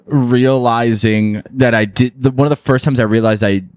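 A man's voice: medium pitch, steady tone, normal speed, a little mellow, no echo. A man co-hosting a podcast, telling funny stories in casual chat, laughing often, swearing freely and acting out the voices of people he quotes. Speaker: podcast co-host. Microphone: podcast studio mic. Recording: dry close studio sound.

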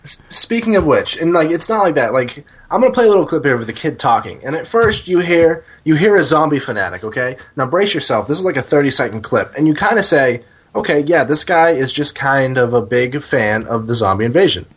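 Brief: man, podcast host, casual banter, animated and playful, lots of pitch movement. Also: brisk, hardly any pauses, slightly rough. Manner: animated, jokey, laughs often.

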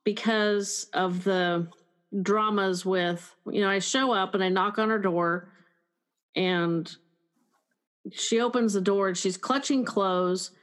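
A woman at an ordinary pitch hosts an interview in a chatty, musing way. She pokes fun at herself easily. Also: steady tone, slow. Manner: chatty, musing, self-deprecating. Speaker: interviewer, host. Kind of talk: interview conversation.

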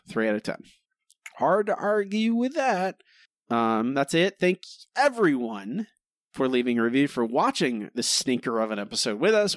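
A man's voice: mid-range voice, no room sound, studio quality. A man co-hosting a podcast, chatting casually and giving sardonic verdicts on an episode. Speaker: podcast co-host. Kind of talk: casual chat.

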